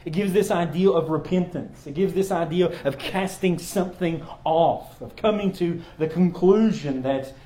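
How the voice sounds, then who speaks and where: Give me an earnest man preaching, slightly high voice, in a roomy echo. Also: moderate pace, few pauses, warm tone. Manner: earnest, explanatory, with frequent ums and repeated words. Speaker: pastor. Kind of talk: sermon.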